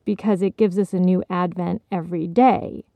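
An earnest little boy , read by a woman telling a bedtime-style story, speaks in a mellow, slightly gravelly voice with unsure sincerity. The sound is close and dry. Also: on the low side, fairly even intonation, moderate pace, no room sound. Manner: earnest, uncertain.

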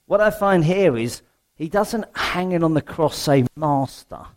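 A man's voice: high voice, expressive, measured pace. A middle-aged man preaching a sermon in a conversational way, often asking the congregation questions.

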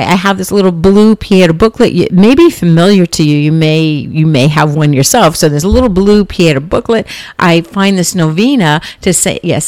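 A woman's voice: low-pitched, darkish tone, no echo. A middle-aged woman hosting a podcast, telling a personal story in an earnest, chatty way full of fillers and restarts. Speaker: podcast host.

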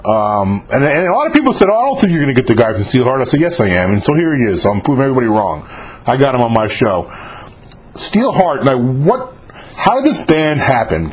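A man's voice: mid-range voice, slightly rough, poor audio. A man hosting an interview show, eagerly asking his guest questions in casual chat. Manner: eager, chatty, restarts questions. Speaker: podcast host.

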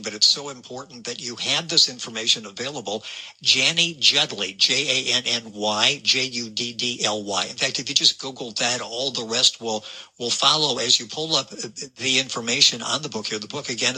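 An earnest male host interviews his guest. His voice is very bright and slightly husky. He circles back and repeats himself as he talks. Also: mid-range voice, poor audio. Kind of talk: interview hosting.

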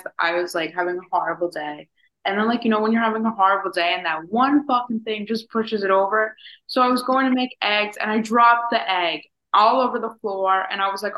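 A young woman co-hosting a podcast, rambling casually with lots of "like" and animated storytelling. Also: medium pitch, low-quality recording. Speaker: podcast co-host. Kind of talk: casual chat.

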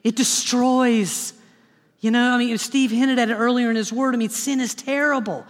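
A man, a pastor, preaching a sermon in an animated, dramatic style with humorous asides, recorded in a church sanctuary. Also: very high voice, moderate pace, long reverb tail.

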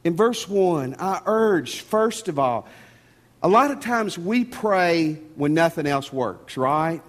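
Animated pastor in an echoing hall. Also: male voice, on the high side, slow. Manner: folksy, animated preaching with repeated words. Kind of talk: sermon. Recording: long reverb of a church hall.

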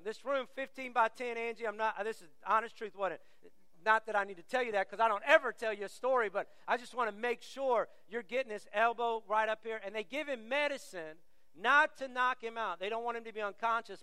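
A man's voice: high-pitched, brisk, bright, forceful tone, clear, resonant tone, no room sound, long reverb tail. A middle-aged man preaching a sermon as pastor, telling stories with animation and acting out the voices he quotes.

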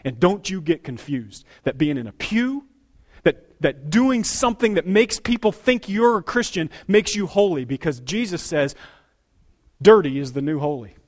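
Brief: middle-aged male pastor, high tenor voice, punchy preaching that drops low and rises loud. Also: big pitch swings, moderate pace. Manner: emphatic preaching with sudden loud and quiet turns. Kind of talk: sermon. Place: church sanctuary.

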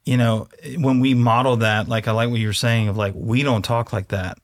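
A man co-hosting a casual parenting discussion, speaking in a thoughtful, measured way and slowing down on key words. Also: mid-range voice, steady tone, no room sound, studio quality. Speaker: podcast co-host, father of boys.

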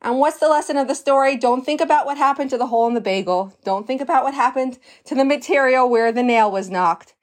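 A woman teaching a religious lesson, with a voice that sits a little high. She tells parables with lively storytelling. She stretches out words when she wants a point to land. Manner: animated storytelling, slows for emphasis.

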